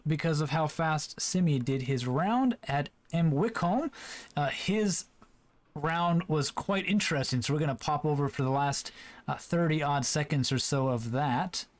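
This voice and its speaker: Man, esports commentator, play-by-play, easygoing and chatty, a bit higher-pitched. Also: animated, normal speed. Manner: easygoing, chatty, with frequent fillers.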